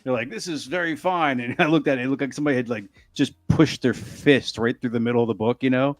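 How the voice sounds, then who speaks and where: A man's voice: mid-range voice, fairly even intonation, fast talker, dry recording, clean studio sound. A man guest-starring on a casual live stream, joking and telling goofy stories. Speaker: guest co-host.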